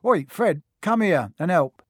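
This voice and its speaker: A man voicing a pair of cheeky, teasing teenage twin boys in an audiobook reading, lifting his voice higher. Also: wildly swooping pitch, slow pace, a little mellow, husky, no room sound, clean studio sound, full character voice.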